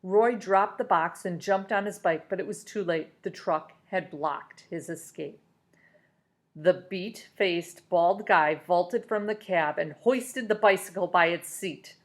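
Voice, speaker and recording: A woman reads a chapter of a children's novel aloud in a middle-pitched voice. Her reading is expressive, and she stops now and then to correct herself. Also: takes it slowly.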